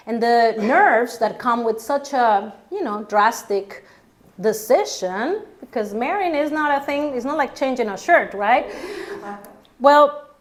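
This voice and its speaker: A woman with a fairly high voice telling a story live on stage at an unhurried pace. She is animated and self-mocking, leaping up in pitch when she acts out her own panic and laughing along.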